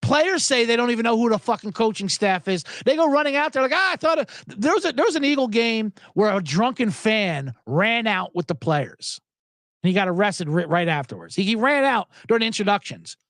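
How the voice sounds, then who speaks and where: A man's voice: high voice, very animated, fairly quick, fairly bright tone, dry recording. A man hosting a sports podcast, ranting with profanity, chuckling asides and plenty of energy. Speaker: podcast host. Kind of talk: profane sports commentary rant.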